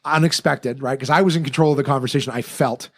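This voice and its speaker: Fast-talking storytelling comedian, a man. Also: mid-range voice. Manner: animated storyteller, swears freely, acts out quoted dialogue. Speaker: podcast guest and comedian. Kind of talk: casual podcast chat.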